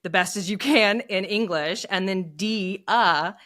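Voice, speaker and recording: A woman's voice: mid-range voice, moderate pace, fairly bright tone. A woman, a guest on a podcast, explaining things in a casual conversation. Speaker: podcast guest, children's book author.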